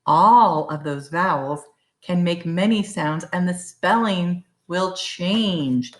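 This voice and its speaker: A woman teacher giving a phonics lesson for young children, slowly and carefully sounding out letters. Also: on the low side.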